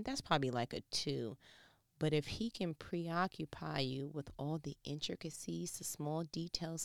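A woman with a low voice preaches a sermon, close to tears as she speaks. She drops to near-whispers, then climbs into loud, passionate stretches. The recording is dry, with no room sound. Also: no room sound. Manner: impassioned, emotional, shifting between hushed and loud.

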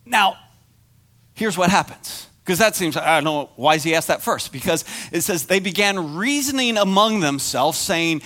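A man giving a conversational sermon as pastor, animated and acting out the voices in the story. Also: sits high, moderate pace.

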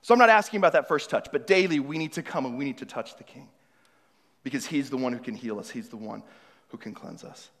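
A male pastor preaching, moving between hushed, searching questions to the congregation and loud, emphatic passages. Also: medium pitch, fast talker. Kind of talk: sermon. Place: church hall. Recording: long reverb of a large hall.

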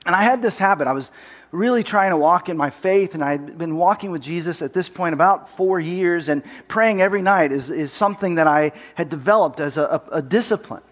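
A man with a noticeably high-pitched voice delivers a sermon through personal storytelling. He speaks candidly and pokes fun at himself as he tells the story. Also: a little fast. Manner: personal, self-deprecating storytelling with laughs.

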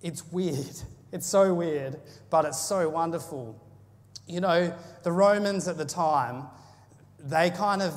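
A man giving a sermon, moving between scripture reading and a relaxed, conversational explanation full of ums and asides. His voice sits a little high for a man. The sound carries a long reverb, as if in a large hall. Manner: casual and chatty, with fillers and asides. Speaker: preacher.

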